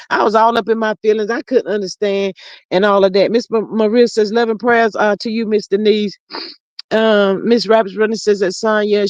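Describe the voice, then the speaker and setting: A woman hosting a relaxed livestream, reading out viewer comments and answering them in a warm, chatty way. Her voice sits at an ordinary middle pitch. The sound is dry and a little dull, like lo-fi home streaming audio. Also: dry recording. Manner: warm, chatty, calls viewers honey and child. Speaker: livestream host reading chat. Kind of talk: casual chat with viewers.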